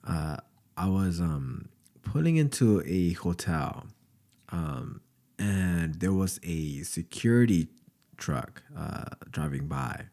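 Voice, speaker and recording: Very deep-voiced young host. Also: male voice, big pitch swings, slow, creaky, dark tone. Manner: hesitant, many ums, laughs lightly. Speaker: podcast host. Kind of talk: casual storytelling in an interview.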